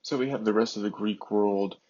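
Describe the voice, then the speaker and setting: A man teaching ancient Greek in an unhurried way, often pausing with fillers. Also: fairly low pitch, steady tone, darkish tone, highs cut off. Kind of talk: slow explanatory lesson.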